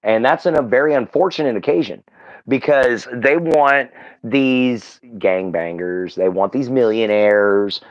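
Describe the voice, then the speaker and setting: A man's voice: medium pitch, measured pace. A man with a Southern Texan drawl chats on a livestream, earnest and meandering, leaning on fillers and restarting his sentences. His voice comes through slightly muffled, a little dull at the top end. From Southeast Texas. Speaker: livestream guest. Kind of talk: casual chat.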